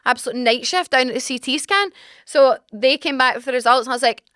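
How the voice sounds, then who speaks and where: Young scottish woman, high voice, dry close sound, animated dramatic storytelling, podcast host. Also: fast, no echo. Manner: animated, dramatic retelling with acted-out exclamations. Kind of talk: casual storytelling chat. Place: small home podcast studio.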